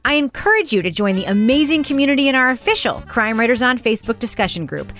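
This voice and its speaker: A woman hosting a podcast panel in casual chat, brisk and jokey, laughing often. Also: a little high, animated, a bit bright, soft background music. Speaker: podcast host.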